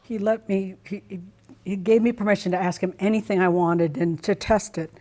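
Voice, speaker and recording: Speaking at a moderate pace with a medium-pitched voice, this middle-aged interview guest tells a story from her own life. She's lively and expressive, performing her own reactions as she goes.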